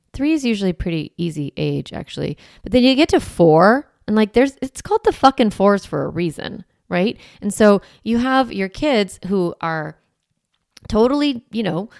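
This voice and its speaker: A woman's voice: mid-range voice, gravelly, a little mellow, no room sound, studio quality. A woman in her forties hosting a parenting podcast, talking listeners through ideas in a conversational, reassuring way and often checking in with "right?". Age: 40s. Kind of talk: solo podcast teaching.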